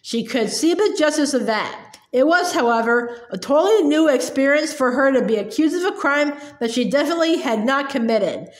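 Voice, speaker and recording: A woman's voice: sits high, expressive, normal speed, few pauses. A woman reading a children's novel aloud with expression, stumbling and repeating words now and then, in an echoey room. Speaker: storyteller.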